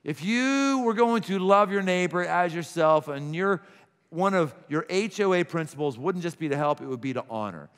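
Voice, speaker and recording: A middle-aged man preaching a sermon, lively and animated, acting out little scenes with gasps and laughs. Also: on the high side, normal speed, smooth. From Pittsburgh. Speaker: pastor. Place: large church auditorium. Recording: long hall reverb from a church auditorium.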